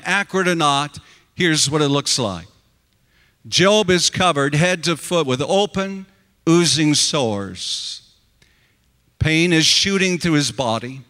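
A man's voice: fairly high pitch, bright, forceful tone, in a large hall. A man preaching a sermon in an earnest, emphatic way, addressing the congregation directly.

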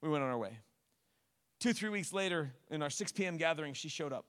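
A male pastor tells a story from the pulpit with a high, bright, forceful voice. His delivery is animated and slips in wry joking asides. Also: a little fast, clear, resonant tone, long reverb tail. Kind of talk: storytelling sermon.

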